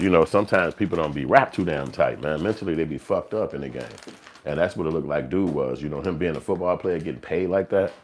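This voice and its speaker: A man hosting a live stream, talking in a loose, profane, streetwise monologue. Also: low voice. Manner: profane, streetwise, slips into acted quotes. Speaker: livestream show host. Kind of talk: casual rambling monologue.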